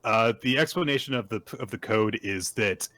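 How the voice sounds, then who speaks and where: A man's voice: fairly low pitch, normal speed, sharp tone, no room sound. A man co-hosting a podcast, retelling manga chapters in a rambling way with lots of fillers. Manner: rambling, filler-heavy retelling that acts out quotes. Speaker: podcast co-host. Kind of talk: casual manga recap chat.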